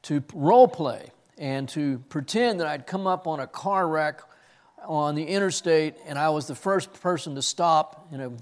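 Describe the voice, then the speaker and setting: A pastor delivers an earnest expository sermon that includes a personal story, often repeating words while searching for what comes next. His voice is fairly high and moves at a moderate pace.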